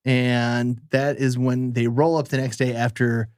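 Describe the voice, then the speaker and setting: A man's voice: medium pitch, little pitch movement, unhurried, darkish tone, smooth, no room sound, studio quality. A man co-hosting a podcast, chatting casually about a film, laughing often and acting out movie lines. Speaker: podcast co-host.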